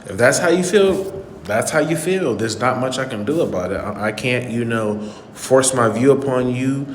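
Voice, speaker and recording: A man's voice: medium pitch, animated, moderate pace, roomy sound, in a large hall, slight background noise. A man hosting his channel, giving an earnest, indignant commentary on a clip he played and repeating his points for emphasis. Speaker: channel host.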